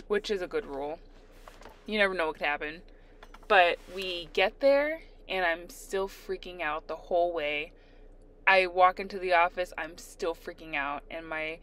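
A young adult woman casually telling a story while doing her nails, animated and laughing as she re-enacts her own panic. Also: lowish voice, clear, resonant tone. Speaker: storyteller, nail art vlogger.

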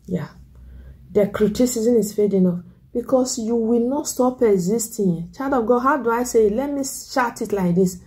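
Woman preacher, sermon, fairly high voice, warm mellow tone, animated delivery. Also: moderate pace. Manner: animated preaching, mimics critics in a raised voice. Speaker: evangelist.

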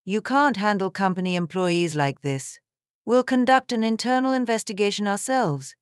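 A woman's voice: medium pitch, normal speed, smooth, no echo, clean studio sound, lightly acted. A woman reading the lines of a stern male head of security who speaks in a formal, curt way.

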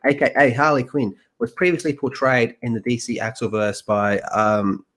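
A man's voice: mid-range voice, steady tone, normal speed, fairly bright tone. A man hosting a casual reaction podcast, reading news aloud and trading profane jokes with co-hosts. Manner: joking, profane, banter with co-hosts.

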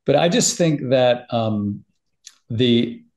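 A middle-aged man talks through a story in a relaxed interview, his voice pitched right in the middle. He tells it with heartfelt, animated emotion and keeps his phrasing loose and conversational. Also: slow. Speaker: podcast guest. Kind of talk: casual interview chat.

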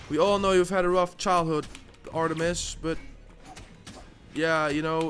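A young man commentating his own gameplay, swearing constantly and swinging between furious shouts and low muttering to calm himself down. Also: normal speed, long pauses, soft background music. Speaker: gaming YouTuber.

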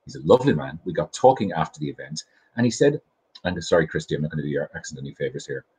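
Husky low-voiced Irish man hosting. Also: expressive, very fast, warm tone, low-quality recording. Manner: chatty, enthusiastic, self-deprecating. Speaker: host. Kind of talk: casual chat show monologue. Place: home kitchen.

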